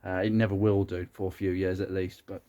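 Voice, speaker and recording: A man's voice: deep voice, flat delivery, fairly quick, mellow, slight background noise. A man with a Brummie accent chatting casually as he works on a car for his channel, rambling with plenty of fillers and restarts. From West Midlands, England. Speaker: car restoration YouTuber.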